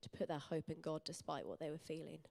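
Young woman, lowish voice, conversational church sermon, earnest. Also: expressive, quick pace, creaky, darkish tone. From England. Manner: earnest, personal, conversational preaching. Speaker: church speaker. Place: church hall.

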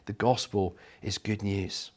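A middle-aged man preaching a sermon, telling stories with animated delivery. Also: on the low side, slow pace. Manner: storytelling, animated, voices quotes.

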